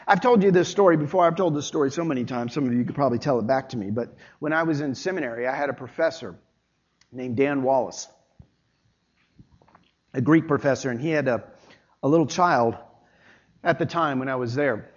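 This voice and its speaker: A pastor preaching a sermon with emphatic delivery, rising loud then dropping low. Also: male voice, animated, fairly quick, pauses often. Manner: emphatic preaching, swinging between loud and quiet. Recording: dull lo-fi sermon recording.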